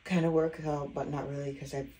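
This twenty-something vlogger from Jamaica is pregnant, worn out and breathless as she chats openly without a filter. Her voice is low and mellow with a level tone, a little fast, over a rough recording carrying slight hiss or hum.

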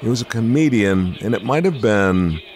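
A man's voice: fairly low pitch, animated, moderate pace, a little mellow, a little hiss or hum. An older American man hosting a casual podcast interview, chatty and rambling, laughing often as he talks. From United States. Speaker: radio host interviewing a comedian.

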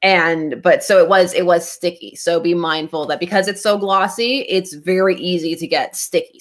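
A woman hosting a casual comic book club livestream, talking in a rambling way with many restarts and laughs. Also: on the low side. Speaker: comic book channel host.

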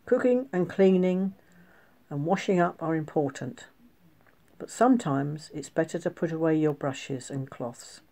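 A woman voicing Jesus as a kind, gentle male teacher who speaks in a soothing, reassuring way. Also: low voice, unhurried.

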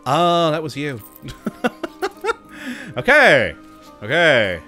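Lively, frantic man playing a strategy game. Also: fairly high pitch, drawn-out words, soft background music. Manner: frantic, self-mocking, talks to his units. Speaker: game commentator. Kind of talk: let's play commentary.

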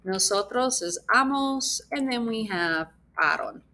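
On the high side, pushed and bright, this young Spanish teacher's voice has lively intonation but a measured pace. In her recorded lesson she writes on screen, explaining step by step, spelling letters aloud and muttering asides as she goes.

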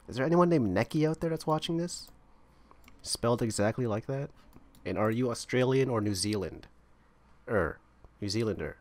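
A man's voice: fairly low pitch, expressive, normal speed, darkish tone. A man giving casual gameplay commentary, thinking aloud and rambling as he explores an online game. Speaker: gamer playing online roleplaying servers.

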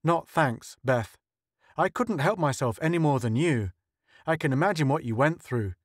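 An earnest, thoughtful scientist who explains at length in a slightly high voice, as a male narrator plays him. The sound is dry and close. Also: lively intonation, normal speed, no echo.

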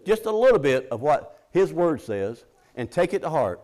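A man's voice: on the high side, big pitch swings, moderate pace, darkish tone. A middle-aged man preaching a sermon in a folksy, conversational way, often restarting his sentences and acting out the scripture quotes.

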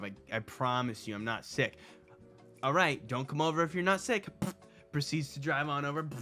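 A young man hosting a casual storytime video, joking and swearing as he retells an argument, recovering from a cold and clearing his throat. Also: medium pitch. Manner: profane, joking, animated retelling with quoted dialogue. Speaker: host.

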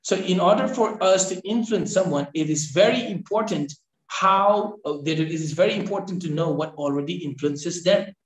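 A man's voice: high-pitched, moderate pace. A man from Northeast India giving a training lecture. He repeats key phrases and keeps checking in with "right?". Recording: echoey room.

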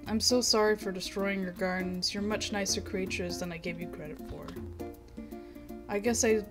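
A woman's voice: mid-range voice, natural voice. A woman voicing a big bear creature from a game who talks in an apologetic, earnest way. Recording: game music behind.

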